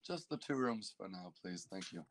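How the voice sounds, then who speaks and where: A man's voice: low voice, animated, normal speed, slight background noise. A man role-playing as a player in a tabletop game, cheeky and playful.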